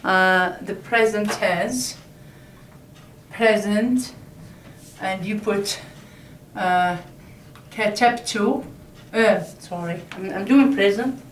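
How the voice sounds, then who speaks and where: Slow, patient woman teaching from a distance. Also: medium pitch, a little hiss or hum. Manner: slow, repeats each word several times. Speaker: Arabic teacher. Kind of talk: slow classroom explanation at a board. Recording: echoey room, voice from off-mic.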